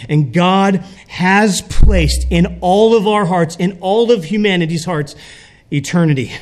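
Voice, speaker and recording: A man's voice: sits high, a little slow. A man preaching a sermon, talking conversationally and often checking in with the congregation. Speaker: pastor.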